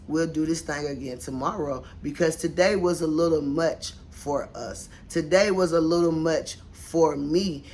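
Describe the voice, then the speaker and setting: A middle-aged woman coach talking straight to her viewers in a folksy, encouraging vlog, slowing and softening on the points that matter. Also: low-pitched, a little hiss or hum. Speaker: mindset coach. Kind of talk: motivational vlog talk.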